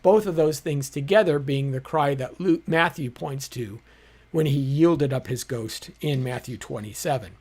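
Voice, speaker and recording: A man's voice: medium pitch, unhurried, darkish tone. A man hosting a live-streamed teaching show, explaining his points in a conversational way with frequent fillers.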